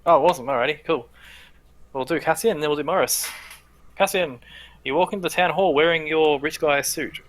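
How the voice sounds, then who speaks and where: A man narrating as dungeon master in a tabletop game, laughing often and talking quickly with fillers. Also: fairly high pitch. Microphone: home mic on a livestream.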